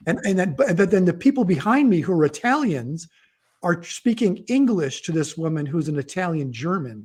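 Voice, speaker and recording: A man's voice: on the high side, animated, normal speed, a little mellow. A middle-aged man, an author guest on a casual livestream chat, telling rambling stories and often cutting himself off mid-sentence. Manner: rambling, self-interrupting storyteller.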